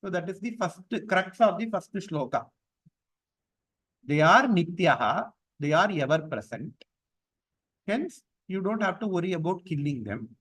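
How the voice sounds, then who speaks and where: A man teaching a class on scripture verses. He explains each point patiently with repetition and chants the verses slowly. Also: high voice, sing-song, fairly bright tone, husky, low-quality recording.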